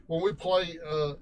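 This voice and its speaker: A man hosts a casual talk show about gaming and asks his guest questions. His voice sits a little high, and he tells his own stories in a relaxed way, chuckling as he goes. A faint noise sits behind him. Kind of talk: casual interview.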